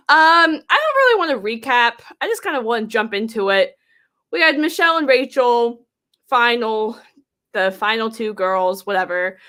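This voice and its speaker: A woman's voice: fairly high pitch, lively intonation, moderate pace, pushed and bright. A woman co-hosting a podcast in casual chat, upbeat and chatty, sprinkling "like" through her sentences. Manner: chatty and upbeat, with many "like" fillers. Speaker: podcast co-host.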